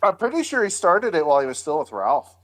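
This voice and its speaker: A man in casual stream chat, dropping quick, profane asides. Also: high voice, sing-song, fairly bright tone.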